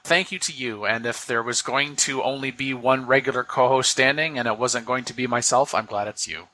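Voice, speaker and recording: Podcast host guy, bright voice, earnest and rambly, teases his cohosts a bit. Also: medium pitch, fairly quick. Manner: rambling, earnest, playful teasing. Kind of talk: casual chat, heartfelt farewell tribute.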